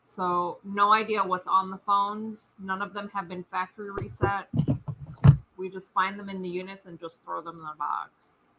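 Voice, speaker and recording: A woman's voice: mid-range voice, little pitch movement, normal speed, pushed and bright, rough recording. A woman co-hosting a live online auction stream, chatting casually as she describes the lot. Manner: chatty, describes items plainly.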